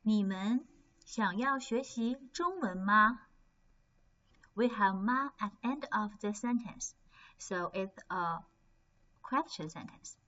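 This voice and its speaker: A woman's voice: mid-range voice, lively intonation, slow, pauses often, bright, forceful tone. A woman teaching a beginner lesson, speaking carefully and demonstrating tones. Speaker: Chinese language teacher. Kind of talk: online language lesson. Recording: slightly dull lo-fi recording.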